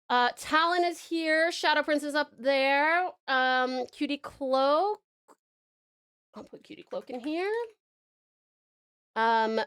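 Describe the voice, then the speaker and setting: Bubbly, high-voiced Australian woman streamer. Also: a bit bright. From Tasmania, Australia. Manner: bubbly, giggly, showers chat with pet names. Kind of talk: casual live-stream chat.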